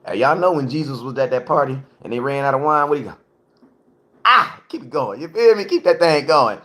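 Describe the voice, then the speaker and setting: A man hosting a casual live-stream sports talk from his home kitchen, slangy and chatty, repeating himself and slowing his words right down for emphasis. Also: mid-range voice, lively intonation, fairly bright tone. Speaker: livestream host. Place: home, cooking. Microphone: phone for live stream.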